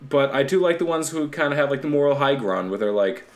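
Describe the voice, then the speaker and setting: Speaking quickly with few pauses, a Canadian co-host uses a medium-pitched, expressive voice. While plugging a show in casual banter, he rambles, swears, laughs often and tries on silly accents.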